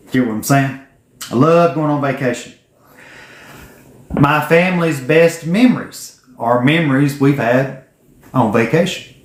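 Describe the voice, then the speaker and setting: A man, telling a folksy, profane story to camera. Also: mid-range voice. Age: 40s. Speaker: vlogger telling his business story. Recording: echoey room.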